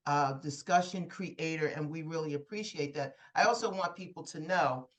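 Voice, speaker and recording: A woman from the program committee giving measured, gracious thanks on a video call. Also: sits low.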